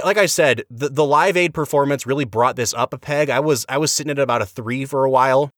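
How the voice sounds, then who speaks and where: A man's voice: no echo, clean studio sound. A man co-hosting a podcast, giving an emphatic, exasperated movie review in casual chat. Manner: animated, emphatic, exasperated critique with big pitch swings. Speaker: podcast co-host, film reviewer.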